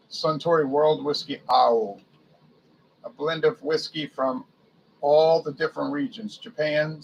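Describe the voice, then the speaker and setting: A man's voice: mid-range voice, creaky, highs cut off, slight background noise. A man casually reading a liquor list aloud, musing to himself and stumbling over foreign names. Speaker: beer and spirits reviewer.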